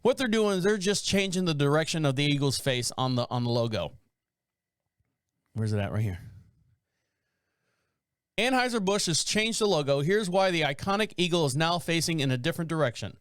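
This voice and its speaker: A man's voice: a little high, big pitch swings, brisk, long pauses, clean tone, no echo, studio quality. A man hosting a podcast, reading news stories aloud and riffing on them in a rambling, joking way. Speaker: podcast host. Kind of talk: casual podcast monologue.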